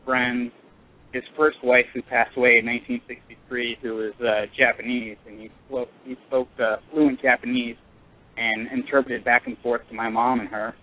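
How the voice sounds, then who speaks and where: Calling into a radio show, a man shares a personal story earnestly but haltingly, with many pauses and restarts. His ordinary middle-pitched voice shows little pitch movement and comes through a narrow, tinny phone line.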